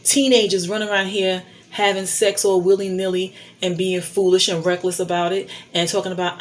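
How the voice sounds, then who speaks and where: A middle-aged woman speaks in a blunt, preachy tone, hammering home her points by repeating them. Her voice sits at an ordinary pitch for a woman. She is recorded indoors on a phone camera. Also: fairly even intonation, fairly quick, hardly any pauses, a little hiss or hum. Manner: emphatic, preachy, repeats key phrases. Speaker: vlogger giving life advice. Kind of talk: candid advice monologue.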